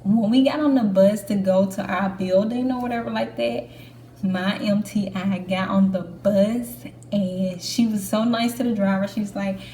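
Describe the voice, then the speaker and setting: A woman's voice: medium pitch, fairly even intonation, normal speed, mellow. A young woman vlogging in a casual, candid chat to camera, with lots of fillers. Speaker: Air Force trainee vlogger. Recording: echoey room with faint background hum.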